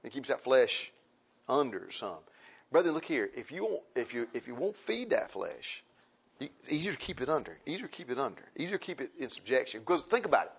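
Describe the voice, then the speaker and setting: A man preaching a sermon in a folksy, impassioned way. He repeats phrases and swings between loud and soft. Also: mid-range voice, big pitch swings, fairly quick, husky, muffled recording.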